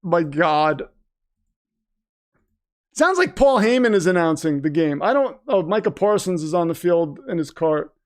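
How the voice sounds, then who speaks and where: Excitable man hosting a live stream. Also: a little high, unhurried, long pauses. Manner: excitable, breaks into wrestling-announcer shouts. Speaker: livestream host. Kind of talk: live watch-party commentary.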